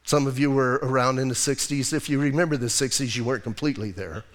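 A man's voice: mid-range voice, fast. An older man, a pastor, preaching a sermon in a conversational way with rhetorical asides. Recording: long hall reverb.

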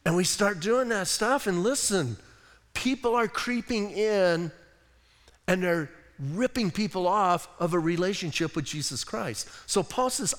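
A pastor preaching a conversational sermon, often saying "listen" and dropping in joking asides. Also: male voice, high voice, a little slow, a bit bright, long reverb tail. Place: church sanctuary.

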